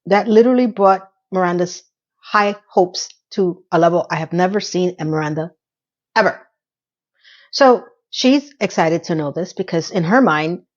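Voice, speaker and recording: A woman's voice: lowish voice, moderate pace, a little mellow. Chatty woman recapping a show, dull audio. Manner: chatty and conversational, with asides, mock sound effects and impressions of characters. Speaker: TV episode recap host. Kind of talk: casual chatty recap commentary.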